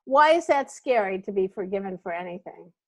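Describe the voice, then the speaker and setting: A woman coaching comedy in casual talk, halting, with many fillers. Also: mid-range voice, animated.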